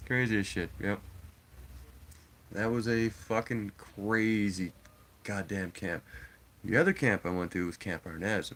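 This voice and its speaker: Blunt, profane lower-voiced streamer man. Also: unhurried, pauses often, a bit bright. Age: adult father. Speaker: live streamer. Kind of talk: casual storytelling to a live chat.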